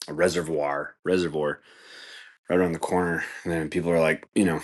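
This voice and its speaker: A man's voice: level tone, quick pace. A man hosting a podcast, telling stories in a laid-back, rambling way, swearing freely and filling his talk with "like" and "dude". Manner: acts out voices in quoted speech, jumping far higher. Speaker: podcast host. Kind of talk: casual storytelling monologue.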